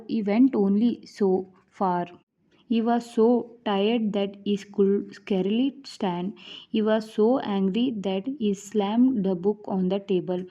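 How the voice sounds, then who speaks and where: Woman reading grammar rules for an audiobook, deep mellow tone, kinda muffled lo-fi sound, trips over a word now and then. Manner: measured reading with occasional stumbles and restarts. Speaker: grammar teacher reading aloud. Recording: dull lo-fi recording.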